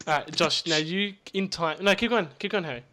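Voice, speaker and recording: A man's voice: sits high, fairly quick, background noise. A man co-hosting a casual comedy podcast, laughing, swearing and directing the others around. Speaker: podcast co-host.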